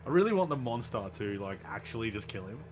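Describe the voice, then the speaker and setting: A man's voice: fairly low pitch, very animated, quick pace, darkish tone, a little hiss or hum. A man playing a tabletop game, joking and swearing in casual banter with the table. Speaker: player.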